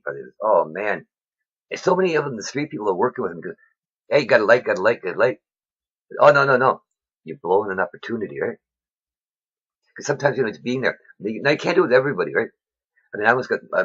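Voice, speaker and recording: Husky rambling man, lo-fi recording. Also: on the low side, fast talker. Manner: rambling, excitable, many fillers. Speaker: vlogger. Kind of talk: casual faith monologue. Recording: dull lo-fi recording.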